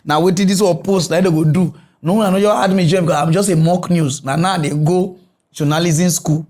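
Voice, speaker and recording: A Nigerian man with a Nigerian accent giving animated, mocking comic commentary as a comedy news host. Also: brisk. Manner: animated, mocking, switches pitch a lot.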